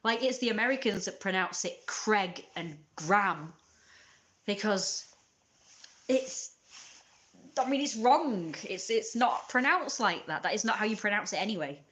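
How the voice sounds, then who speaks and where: A woman's voice: mid-range voice, lively intonation, moderate pace, a bit bright, a little hiss or hum. A British woman talking straight to her viewers in a passionate, blunt, exasperated way. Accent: British English. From Britain. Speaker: YouTuber. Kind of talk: casual rant to camera.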